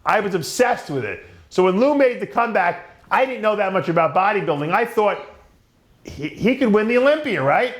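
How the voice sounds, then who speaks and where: A man hosting a casual panel chat, animated and quick to react. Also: sits high. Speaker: host.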